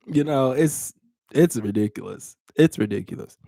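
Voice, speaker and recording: A man's voice: mid-range voice, vocal fry, a little mellow, no room sound, studio quality. A man in his thirties hosting a casual podcast, talking bluntly to his live chat, teasing and laughing often. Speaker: podcast host.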